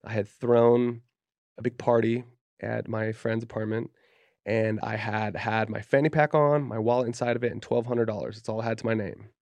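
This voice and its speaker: A man with a low, gravelly voice that has a lot of fry in it, telling a story from his own life with blunt, profane candor. He keeps dropping in fillers like "dude" and "you know," and the sound is close and dry with no room echo. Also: flat delivery, normal speed, a little mellow, dull audio. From Utah, USA. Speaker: podcast guest. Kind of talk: casual storytelling. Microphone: podcast studio mic.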